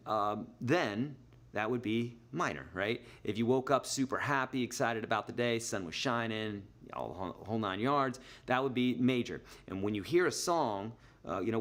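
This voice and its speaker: A middle-aged man teaching guitar in a live online lesson, chatty and explaining with everyday examples. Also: lowish voice. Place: Nashville.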